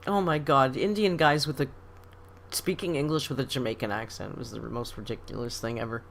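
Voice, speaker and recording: A middle-aged Canadian woman hosting a laid-back livestream reads out comments and tells stories amid frequent laughs. Her very deep voice has vocal fry and moves a little fast, with slight background noise.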